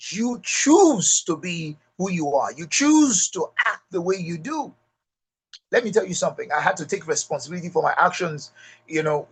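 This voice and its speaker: Husky Nigerian man giving motivational talk. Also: sits high, fairly bright tone. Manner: emphatic, repeats key lines, addresses audience directly. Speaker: leadership speaker.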